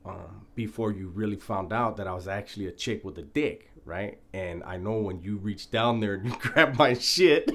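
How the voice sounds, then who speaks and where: Man, lowish voice, casual storytelling, profane, laid-back, laughs through it. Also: fairly even intonation, moderate pace, hardly any pauses. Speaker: former prisoner telling a story.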